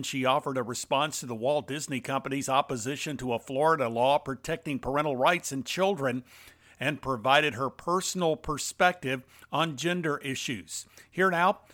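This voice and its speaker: A man hosting a radio interview, introducing his guest and asking questions in a measured, formal way. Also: mid-range voice, bright, forceful tone, no room sound. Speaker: radio host.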